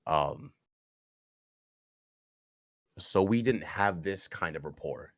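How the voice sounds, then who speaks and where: A young man on a podcast, telling a personal story earnestly, haltingly, with frequent restarts. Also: low-pitched, expressive, a bit bright, no echo, studio quality. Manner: earnest, halting, with many restarts and "you know". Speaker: podcast guest.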